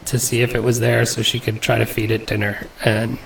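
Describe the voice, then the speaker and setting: A man's voice: mid-range voice, little pitch movement, a little fast, creaky, echoey room, distant mic, very noisy. A young man hosting a casual podcast, chatty and telling stories with laughs. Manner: chatty storyteller, laughs through his story. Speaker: podcast host.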